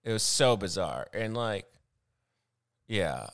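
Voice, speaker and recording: A man who is a comedian, chatting casually, laughing often and swearing as he tells animated stories. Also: on the low side, takes it slowly. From Arizona. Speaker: comedian podcast host. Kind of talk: casual chat.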